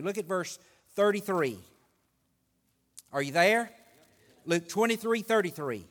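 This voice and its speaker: A man preaching a sermon, building excitement and stretching out key phrases. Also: sits high, measured pace, pauses often. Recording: long hall reverb.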